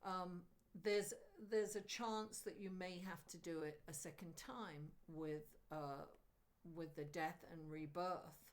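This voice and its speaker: A middle-aged woman doing a live tarot reading. She talks in an animated, chatty way and speaks directly to her viewers. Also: fairly low pitch, slow pace. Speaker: astrologer and tarot reader.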